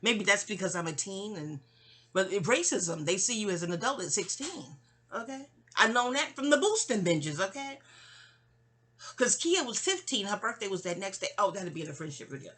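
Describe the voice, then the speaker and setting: A New woman in her fifties talks through memories as a kind of therapy. Her voice is bright and keen at a middling pitch. She trails off, interrupts herself and drifts into asides before finding her thread again. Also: sing-song, normal speed, husky. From New York City. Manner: digressive, self-interrupting, sighing asides. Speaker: memoir narrator. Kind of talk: rambling personal storytelling.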